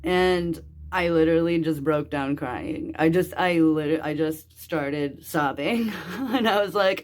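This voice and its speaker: A woman's voice: low voice, slow. A young woman telling a personal story in a rambling, casual way, full of fillers and swearing. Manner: swearing, rambling, lots of "like" and "dude". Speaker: vlogger.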